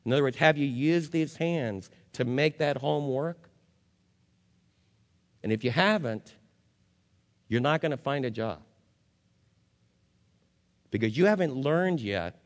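A male pastor preaching a sermon, firing rhetorical questions at the congregation and swinging from loud emphasis to low, somber warnings. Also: expressive, slow pace, pauses often. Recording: long hall reverb.

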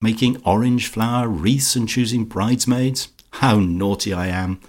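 A man's voice: fairly low pitch, measured pace, darkish tone. A man voicing an imperious, catty woman who rules village society, speaking with sugary, sarcastic malice in an audiobook. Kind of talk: audiobook character voice.

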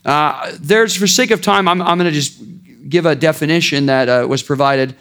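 A man's voice: on the high side, moderate pace, fairly bright tone, clear, resonant tone. A man preaching a sermon in an informal, conversational way, with sarcastic asides and frequent restarts. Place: church.

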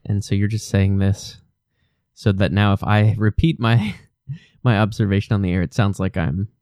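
A man co-hosting a casual podcast, making dry wordplay jokes in a deadpan way. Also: on the low side, normal speed, no room sound. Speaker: podcast co-host. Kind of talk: casual chat.

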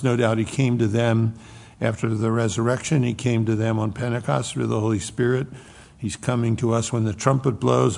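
Male pastor, 70s, husky gravelly delivery, folksy and emphatic, long hall reverb. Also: on the low side, darkish tone. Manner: folksy, joking asides, emphatic quoting of scripture. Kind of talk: sermon.

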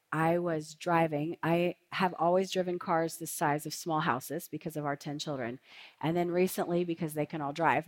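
A woman in her forties preaching a sermon and telling a personal story in a lively, chatty way. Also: on the low side.

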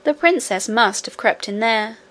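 A woman narrating a children's fantasy novel aloud in a steady storybook manner. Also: fairly high pitch, a little slow. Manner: steady storybook reading, voicing each character. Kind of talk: audiobook narration.

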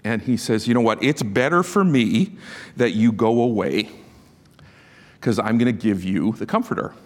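A man preaching a sermon, telling stories with animated emphasis and laughing at his own asides. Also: fairly low pitch, normal speed. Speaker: pastor. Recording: long reverb of a large hall.

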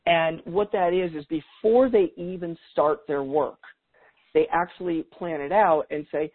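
A man's voice: a little high, fairly even intonation, a little slow, narrow, tinny audio. A middle-aged man talking as a guest expert in a podcast interview, chatty, with frequent restarts and easy laughs.

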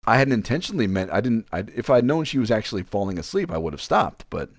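A man's voice: lowish voice, fast talker, no echo. A man casually telling a frank personal story, rambling and acting out the dialogue. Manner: frank, rambling, animated retelling with quoted dialogue.

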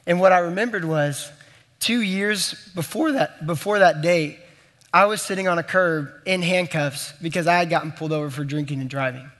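A man's voice: fairly high pitch, normal speed, a bit bright. A young man preaching, telling a personal story in a conversational, earnest way and speaking straight to the room. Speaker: pastor. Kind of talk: sermon storytelling. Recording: long hall reverb.

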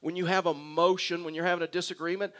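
A man's voice: high-pitched, little pitch movement, fast talker, fairly bright tone. A man preaching a sermon, speaking earnestly and repeating phrases as he addresses the congregation. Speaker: pastor.

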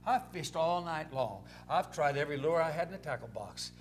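A man's voice: on the high side, expressive, a little fast, a little hiss or hum, close to an everyday voice. A man voicing a frustrated, worn-out fisherman disciple who pleads with and reproaches God. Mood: weary, exasperated. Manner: pleading, raw complaint to God.

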